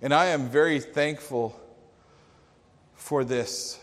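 A man's voice: mid-range voice, slow pace, in a large hall. A man preaching a sermon in a storytelling manner.

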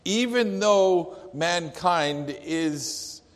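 A man preaching a sermon, telling a story slowly and deliberately, with some restarts. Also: high voice, expressive, big-room sound. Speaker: pastor.

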